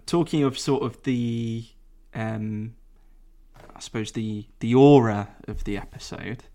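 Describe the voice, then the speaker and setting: Man, mid-range voice, relaxed self-deprecating podcast co-host. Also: medium pitch, slow. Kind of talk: casual chat.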